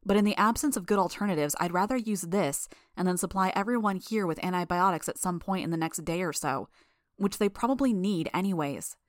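Lady doing a blunt exasperated teen villain girl, lowish voice, matter-of-fact. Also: brisk, dry recording, studio quality, close to an everyday voice. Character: teenage girl villain who controls bugs, tired and blunt.

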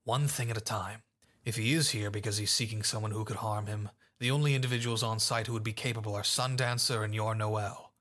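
A man's voice: fairly low pitch, fairly even intonation, brisk, a bit bright, natural voice. Cold, curt crime boss, as a man reads him. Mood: clipped. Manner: curt, commanding. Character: cold calculating male crime boss, adult.

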